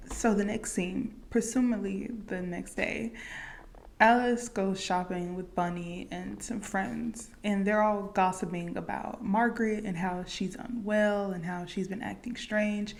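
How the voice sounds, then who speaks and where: Woman, fry in the voice, mid pitch, chatty film recap, loose and conversational. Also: fairly even intonation, unhurried. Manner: chatty, fillers like "like" and "you know". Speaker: movie reaction youtuber. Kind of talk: casual movie recap.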